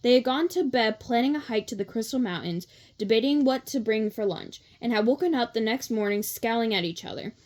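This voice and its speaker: Reading a children's novel aloud for a read-along, a woman speaks in a fairly high voice at a steady, slightly quick pace. Every so often she stumbles on a word, corrects herself, and keeps going.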